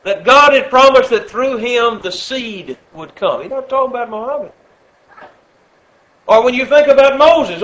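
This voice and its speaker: Man, preacher, sermon, high voice, lively swooping delivery, loud scripture quotes, soft asides. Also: moderate pace, poor audio. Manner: animated, rises loud and high when quoting scripture.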